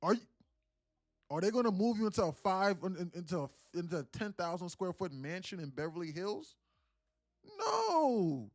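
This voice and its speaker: A man's voice: high-pitched, fast talker, hardly any pauses, no echo, studio quality. A young man from South Carolina chatting casually on a live stream as a day trader, sarcastic and rambling, often restarting his sentences. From South Carolina, USA.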